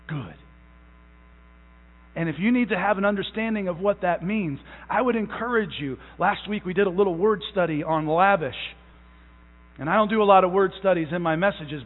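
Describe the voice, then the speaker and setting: A young man preaching a sermon as pastor, emphatic, stretching out key words and restarting phrases. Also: sits high. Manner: repeats phrases, halting restarts. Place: church sanctuary. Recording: tinny phone-like sound in a long-echo hall.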